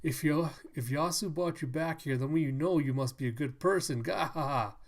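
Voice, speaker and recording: A man voicing a crowd of poor but cheerful townsfolk while reading a manga aloud, loud and folksy. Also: on the high side, normal speed. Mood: jolly.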